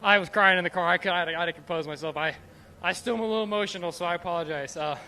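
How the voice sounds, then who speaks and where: Young man, race driver, emotional, breathless, fast stumbling speech, high bright voice, outdoor trackside interview. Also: slight background noise. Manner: rushed, stumbling, repeating words.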